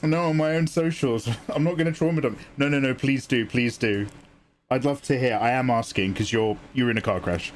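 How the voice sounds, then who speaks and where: A man's voice: mid-range voice, moderate pace, a little hiss or hum. A young man chatting casually on his art livestream, joking and laughing at his own stories. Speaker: art streamer.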